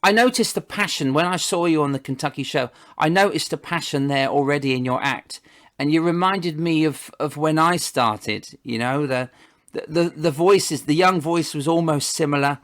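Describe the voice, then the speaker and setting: A man's voice: a little high, normal speed, a bit bright. A man hosting a casual interview over a video call, rambling and often restarting his words. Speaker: host.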